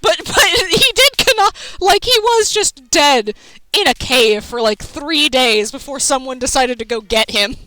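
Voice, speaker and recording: A woman streamer rambling through a long funny story, laughing and cursing as she goes. Her voice is high and bright. The sound is dry and close to the mic. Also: animated, measured pace, no echo, rough recording. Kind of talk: casual chat while gaming.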